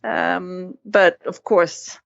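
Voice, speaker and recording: A woman's voice: fairly low pitch, fairly even intonation, drawn-out words, vocal fry, dry recording. A woman guest in an interview, telling a story with animation and acting out quoted lines. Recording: dull, dry sound.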